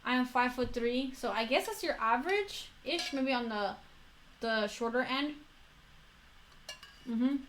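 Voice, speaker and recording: A woman's voice: on the high side, lively intonation, unhurried, pauses often, a bit bright, slight background noise. A young woman with a Florida accent, chatting casually on a livestream while building a model kit, rambling and correcting herself as she goes.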